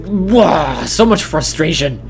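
A man commenting live on his own gameplay, dramatically exasperated and full of mock despair. His pitch leaps around animatedly while he speaks at a slow, drawn-out pace. Faint game music plays behind him. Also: very animated. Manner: theatrically exasperated, swinging between mock despair and outbursts. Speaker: streamer.

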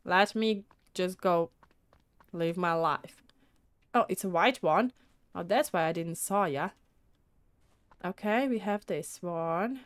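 A woman giving casual let's-play commentary, talking to herself excitably and throwing in mild mock swearing as she plays. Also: lowish voice, slow, long pauses, no room sound. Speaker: gaming video creator.

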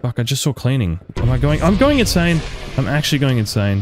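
A young man giving sweary, frantic let's-play commentary, yelping high when panicked. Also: big pitch swings, brisk, over music. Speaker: gaming YouTuber.

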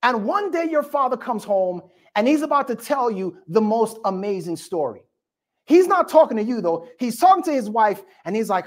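A male pastor preaching a sermon, telling the story with lively call-and-response to the congregation. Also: high voice, a little fast.

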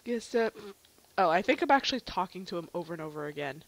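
A woman's voice: lowish voice, expressive, quick pace, a little hiss or hum. Goofy young woman narrating a game. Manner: goofy, rambling, giggly. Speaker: let's play gamer. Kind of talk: casual game commentary.

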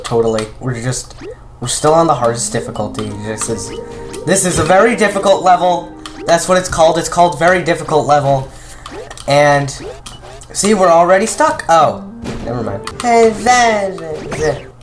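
A man doing casual gameplay commentary, rambling with self-mocking asides and sudden shouted outbursts. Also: on the high side, normal speed. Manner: excitable, jumps from mutters to shouted outbursts. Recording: game music playing underneath. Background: game music.

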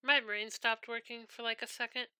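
A woman's voice: a little high, little pitch movement, normal speed, sharp tone, clean tone. A woman streaming a game, chatting casually and telling rambling, profane stories.

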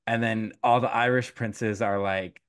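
Man retelling a folktale, animated. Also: lowish voice, smooth. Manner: animated storytelling, quick quoted voices, frequent laughs and fillers. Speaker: podcast host retelling a folktale. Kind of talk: casual chat.

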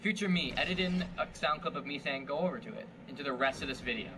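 A man's voice: mid-range voice, lively intonation, quick pace, noisy background. A young man joking his way through a video game playthrough with a friend, teasing him and breaking into silly chants. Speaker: gaming commentator. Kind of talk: casual gameplay commentary.

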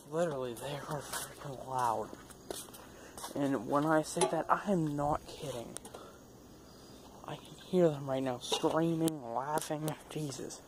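A young man vlogging casually while holding his phone, rambling and laughing at himself. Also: a little high. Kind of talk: casual vlog. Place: outdoors. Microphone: phone held in hand. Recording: noisy outdoor phone recording.

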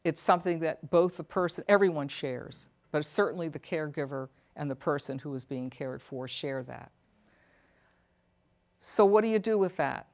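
A woman with a low, grounded voice talks earnestly to a room of caregivers. She is middle-aged and speaks as a psychotherapist and elder care coach. She is reflective and often turns to the audience with questions. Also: moderate pace. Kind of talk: talk to a caregivers' support audience.

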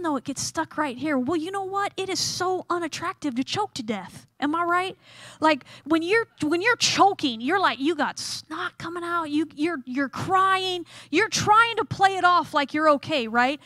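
High-voiced woman telling funny stories. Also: moderate pace, no room sound, studio quality. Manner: animated, self-deprecating storyteller acting out scenes. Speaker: chapel speaker. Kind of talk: humorous sermon storytelling.

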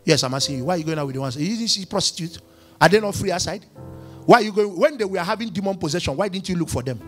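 Male preacher, high register, restless and animated, peppers the room with questions. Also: racing, faint music behind. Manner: animated preaching, firing questions, acting out dialogues. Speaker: pastor. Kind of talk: sermon. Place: church.

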